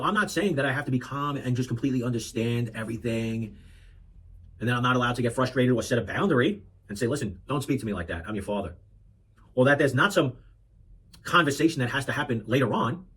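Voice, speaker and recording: A man's voice: mid-range voice, fairly quick, a bit bright, slightly rough, rough recording. A man in his thirties talking earnestly about fatherhood in a reflective monologue, often restarting and adding asides. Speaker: parenting vlogger. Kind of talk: reflective talk to camera.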